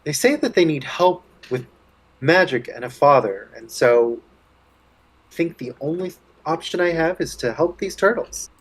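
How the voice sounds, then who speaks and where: A man's voice: on the high side, lively intonation, a little slow, slightly rough, poor audio. A man playing a bard in a tabletop game, musing and thinking aloud. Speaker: player.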